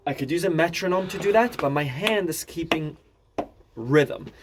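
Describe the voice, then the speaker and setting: A man with a fairly high voice teaches accordion, talking through each step calmly and sometimes singing the melody on simple syllables. His accordion plays clearly behind him. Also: normal speed. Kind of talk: instructional video lesson. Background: accordion music.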